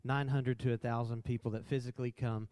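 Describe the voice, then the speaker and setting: A man's voice: mid-range voice, little pitch movement, fairly quick, darkish tone, no echo. A man co-hosting a church talk in a worship center, upbeat and affirming with a preacherly style.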